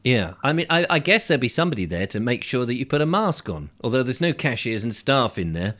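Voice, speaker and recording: A man's voice: medium pitch, sing-song, fairly quick, fairly bright tone. A middle-aged English man hosting a comic live chat show, rambling and acting out chatty shop exchanges. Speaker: host.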